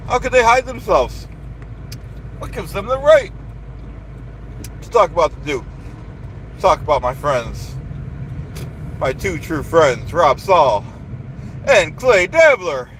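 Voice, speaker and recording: A man's voice: sits high, very animated, slow, long pauses. Boastful man ranting over noisy background. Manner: boastful, indignant, repeats himself. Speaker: live streamer. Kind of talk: ranting live stream.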